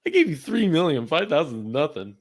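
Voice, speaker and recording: Laughing, lively podcast host man. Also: on the high side, fairly quick. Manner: laughs often, animated storytelling. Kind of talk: casual chat.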